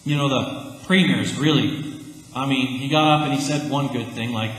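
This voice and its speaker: A man's voice: mid-range voice, normal speed, fairly bright tone. A man preaching a sermon in a church, earnest and emphatic in an easy, conversational way. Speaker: pastor. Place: church sanctuary. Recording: echoey church hall, faint ambience.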